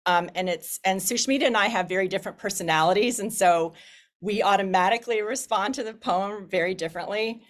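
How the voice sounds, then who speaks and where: A woman facilitating an online discussion group, opening with a relaxed welcome full of fillers and restarts, heard over a video call. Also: medium pitch, a little fast.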